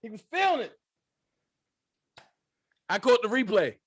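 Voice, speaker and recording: A man hosting his own political commentary channel, talking in a loud, profane, animated way and mimicking other voices. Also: very high-pitched, a little slow, husky, no room sound.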